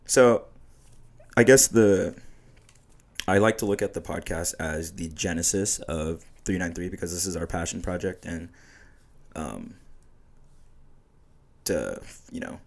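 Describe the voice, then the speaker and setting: A man's voice: low-pitched, lively intonation, a little slow, vocal fry, long pauses. A man co-hosting a casual podcast, laid-back and slangy, laughing often. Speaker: podcast co-host. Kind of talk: casual chat.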